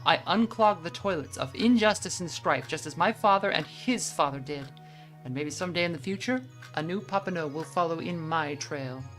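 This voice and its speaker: A woman's voice: low voice, normal speed, a bit bright, faint music behind. A woman voicing a burly, grandiose male janitor who treats cleaning as a holy duty, reading game dialogue aloud in a pompous, declaiming way.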